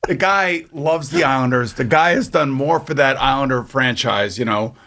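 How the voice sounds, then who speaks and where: Gravelly older man, excitable radio host. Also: medium pitch, normal speed. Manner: excitable, rambling, mock-indignant. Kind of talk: sports radio banter.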